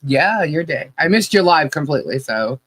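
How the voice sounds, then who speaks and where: A woman co-hosting a livestream podcast. Her voice is hoarse, and she chats casually and laughs often as she greets viewers. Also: deep voice, expressive, moderate pace. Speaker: podcast co-host.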